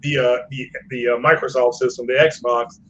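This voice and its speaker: A man's voice: mid-range voice, little pitch movement, moderate pace, fairly bright tone. A man talking as a podcast guest, rambling and stopping to restart his sentences, full of fillers. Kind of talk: casual podcast chat. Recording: muffled lo-fi call audio with faint noise.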